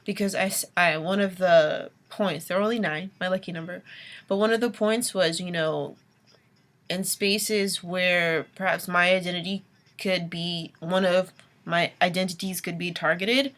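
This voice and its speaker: A woman's voice: on the low side, steady tone, a little slow, a bit bright. A young adult woman vlogging a late-night rant, exasperated, with sighs and whispered asides.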